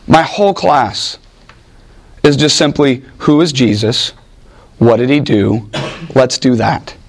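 A pastor preaches a sermon in a conversational way, reading scripture aloud and acting out the voices in its Bible stories. His voice is medium-pitched and his pace is slow.

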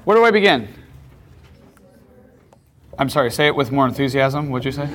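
A man's voice: medium pitch, expressive, moderate pace, long pauses, a crowd in the background. A man teaching a class, lecturing in a conversational way and often checking in with questions.

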